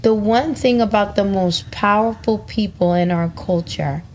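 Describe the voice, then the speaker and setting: Brief: female podcast guest, mid-pitched, relaxed and earnest, faint noise behind. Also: unhurried, rough recording. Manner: relaxed, earnest, laughs easily. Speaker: guest, cannabis company co-founder. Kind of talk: casual podcast conversation.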